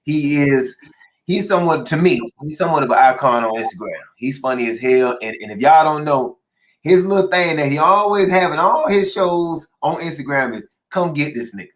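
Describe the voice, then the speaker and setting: A man hosting a casual interview show, energetic and chatty, laughing easily with his guest. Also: fairly high pitch, normal speed. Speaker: show host.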